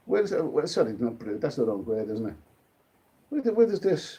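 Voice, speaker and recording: A man's voice: high voice, very animated, moderate pace, warm tone, husky. A British man hosting a casual late-night live stream, rambling and chatty, often restarting his sentences and reading viewer comments.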